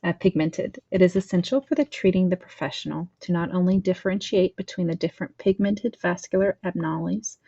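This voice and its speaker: A woman's voice: fairly low pitch, steady tone, fairly quick, few pauses, dark tone, breathy edge, no room sound, muffled recording. A woman teaching a training lesson, reading slides aloud with a slight lisp, stumbling over terms and correcting herself. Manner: reads text aloud, stumbles and corrects herself, adds plain explanations. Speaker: instructor.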